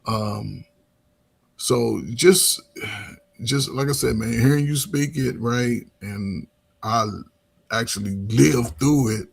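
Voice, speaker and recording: A man's voice: mid-range voice, takes it slowly, gravelly, pauses often, slightly rough. A middle-aged man, a coach and former teacher, talking loosely in casual conversation with lots of restarts and filler words.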